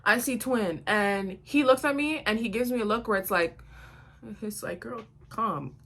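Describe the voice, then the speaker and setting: A young woman tells a storytime while getting ready, blunt and animated. She acts out each person in the story as she goes, close on a phone mic. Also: a little high, moderate pace. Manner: blunt, animated retelling with quoted voices. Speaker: vlogger.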